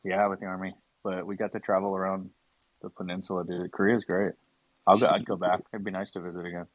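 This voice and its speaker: A man hosting a live audio chat, telling stories in a relaxed, slangy way over muffled lo-fi audio. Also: sits low, fast talker, dry recording. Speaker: Spaces host. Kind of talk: casual chat.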